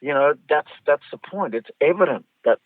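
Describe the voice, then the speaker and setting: A man's voice: fairly high pitch, animated, normal speed, no room sound. An Australian man, a guest author and storyteller, talking animatedly in an interview and repeating words as he builds a thought. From North Queensland, Australia. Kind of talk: conversational interview. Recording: tinny phone-like line, dry.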